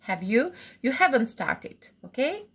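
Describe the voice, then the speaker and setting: A woman walks through English grammar, her fairly high voice rising and falling in a lively way. She explains slowly and repeats each example, often checking in with an "okay?". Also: slightly rough. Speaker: English teacher. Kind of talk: recorded grammar lesson.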